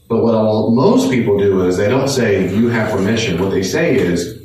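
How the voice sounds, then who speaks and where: A man's voice: on the low side, normal speed, hardly any pauses, darkish tone. A man leading a Bible study in a conversational, earnest way, repeating points for emphasis. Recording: echoey room, distant mic, faint noise.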